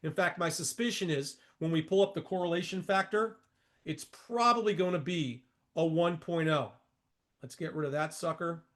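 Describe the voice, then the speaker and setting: A man's voice: on the high side, moderate pace, fairly bright tone. A man in his sixties giving a trading lesson while walking through charts, emphatic and repetitive, with folksy asides to his viewers. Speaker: market educator.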